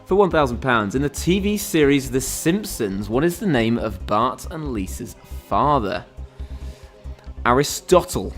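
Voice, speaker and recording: A man's voice: mid-range voice, sing-song, unhurried, faint music behind. A man hosting a quiz game on a live stream, chatting casually and rambling with lots of fillers and restarts.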